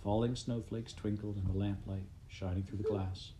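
A man reading a storybook aloud in gentle, steady scripted narration. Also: on the low side, moderate pace, a little hiss or hum, rough recording. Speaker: audiobook reader.

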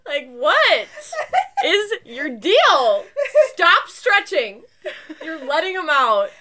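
Bright, lively-pitched woman telling stories. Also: drawn-out words. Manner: animated storyteller, laughs often, swears. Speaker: podcast co-host. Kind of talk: casual chat among friends.

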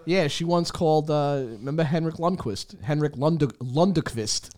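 A man's voice: fairly high pitch, moderate pace, darkish tone. A man co-hosting a casual sports podcast, joking around and laughing often. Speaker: podcast co-host.

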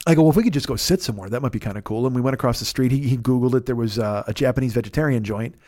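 A man's voice: medium pitch, racing. A man telling a long profane story in a casual monologue, acting out each side of the conversation himself. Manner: profane, animated, acts out both sides of conversations. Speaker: podcast host.

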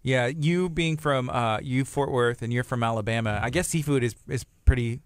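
A man's voice: mid-range voice, moderate pace, dry recording. A middle-aged man, hosting a local talk show in a chatty, friendly way. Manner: friendly, chatty, laughing often. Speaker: host. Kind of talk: casual chat.

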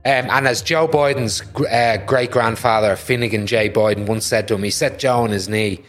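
A man's voice: medium pitch, steady tone, moderate pace, soft background music. Swearing joking man hosting. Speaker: podcast host. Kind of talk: casual chat.

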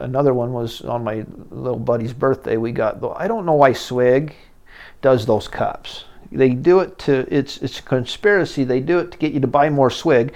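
A middle-aged man hosting a podcast, telling candid personal stories in a rambling way that gets animated as he goes. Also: medium pitch, normal speed. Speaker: podcast host. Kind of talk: personal storytelling monologue.

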